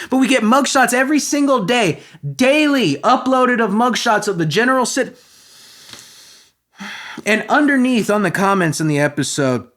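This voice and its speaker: High-voiced man in a profane rant. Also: fairly bright tone. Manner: profane, heated, sarcastic. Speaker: podcast host. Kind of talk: comedic rant.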